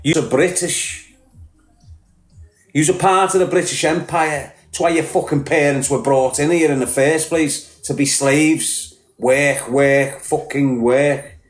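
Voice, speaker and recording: A man's voice: a little high, slow, roomy sound, soft background music. A man with a Liverpool accent ranting bluntly on a podcast, combative and full of swearing. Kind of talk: heated podcast rant.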